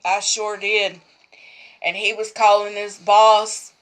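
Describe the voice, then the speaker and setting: A woman's voice: mid-range voice, flat delivery, takes it slowly, a bit bright. A woman who runs a sewing vlog, telling a story in a rambling, repetitive way and laughing throughout. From Texas. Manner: rambling, repeats herself. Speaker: sewing vlogger. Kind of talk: casual storytelling.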